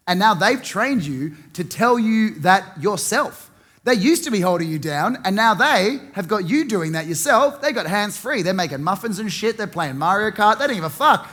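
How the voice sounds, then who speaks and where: A man's voice: high-pitched, animated, normal speed, a bit bright. A young Australian man doing a sardonic stand-up comedy set, swearing freely and mocking people with put-on voices.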